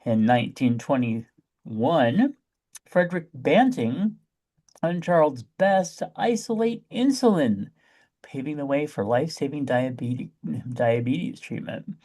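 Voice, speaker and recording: A man's voice: mid-range voice, lively intonation, slow pace, warm tone. A man hosting a casual podcast, chatty and playfully campy as he runs through the show. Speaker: podcast host.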